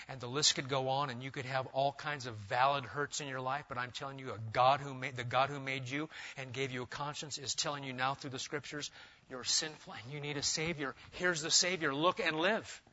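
A man preaching an expository sermon as a pastor, swinging between loud urging and quiet intensity. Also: mid-range voice, fairly even intonation, brisk, highs cut off.

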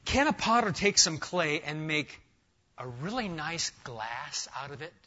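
A man preaching an expository sermon to a congregation, animated and emphatic, firing rhetorical questions and talking straight to his listeners. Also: fairly high pitch, unhurried, dull audio. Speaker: pastor. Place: church sanctuary with a live congregation.

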